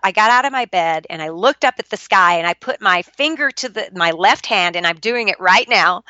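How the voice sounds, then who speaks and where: A woman's voice: medium pitch, pushed and bright, dry recording, dull audio. A middle-aged woman, a podcast guest, telling a personal story in an earnest, confessional and emotional way.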